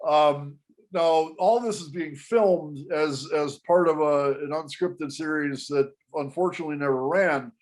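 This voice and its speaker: A man telling a story to an interviewer in casual panel talk, animated and often restarting his sentences. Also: a little high. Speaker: guest storyteller.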